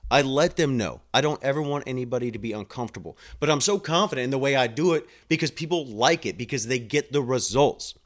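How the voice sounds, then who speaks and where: A man working in home health care telling a work story in a blunt, animated way and acting out the dialogue. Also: medium pitch, quick pace, hardly any pauses. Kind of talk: casual storytelling monologue.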